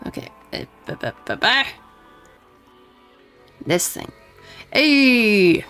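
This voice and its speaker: Playful, slow-talking woman streamer. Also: a little high, very animated, fairly bright tone, soft background music. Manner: playful and giggly, reads game dialogue aloud. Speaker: gaming streamer. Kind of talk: casual let's play commentary.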